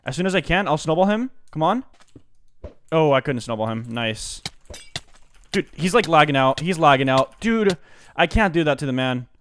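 A man giving live commentary on his own gameplay, excitable and slangy, jumping from low muttering to loud outbursts. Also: normal speed, pauses often, slight background noise. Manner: slangy, says dude and bro a lot. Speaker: gaming commentator.

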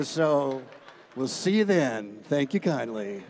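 Folksy, measured man at a panel. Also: mid-range voice, sing-song, a little mellow, slight background noise. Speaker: actor on a convention panel. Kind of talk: short panel remarks. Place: convention hall.

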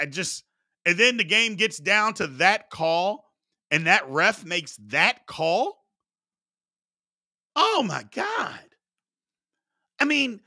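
Animated, bright-voiced sports talk man. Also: on the high side. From Kentucky. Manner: animated, exasperated, repeats himself for emphasis. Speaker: sports talk show host. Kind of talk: casual sports talk, reading chat comments.

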